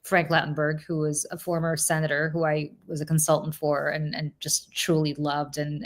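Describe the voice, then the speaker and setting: A woman hosting a political talk show, telling a story in an animated, casual way with asides and restarts. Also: sits low. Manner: slips into mocking quoted voices of politicians. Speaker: political commentator and show host.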